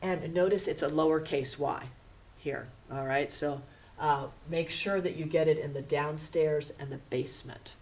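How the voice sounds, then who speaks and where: A woman teaching a kindergarten handwriting lesson. She is patient and gentle and spells words out letter by letter. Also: deep voice, moderate pace, rough recording. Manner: gentle, instructive.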